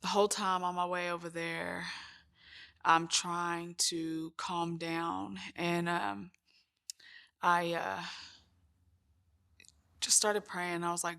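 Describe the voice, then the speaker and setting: Slow, flat-voiced woman telling her story. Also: on the low side. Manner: halting, with frequent restarts. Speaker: sister of the deceased. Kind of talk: documentary interview testimony.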